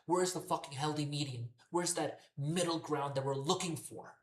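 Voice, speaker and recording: A man's voice: fairly high pitch, moderate pace, slight background noise. A man hosting a wrestling commentary show, ranting in an exasperated way and swearing constantly. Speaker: wrestling podcast host. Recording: echoey roomy recording.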